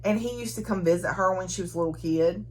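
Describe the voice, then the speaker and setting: A woman casually recapping a novel, chatty and quick to laugh. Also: on the low side. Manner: chatty, giggly, frequent laughter. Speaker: book reviewer.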